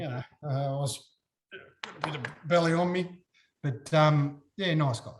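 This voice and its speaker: A man's voice: a little slow, noisy background. A middle-aged Australian man, a former footballer, telling stories as a guest in a casual chat, acting out quotes with big jumps in his voice. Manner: animated, acts out quotes with big pitch jumps. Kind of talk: casual storytelling.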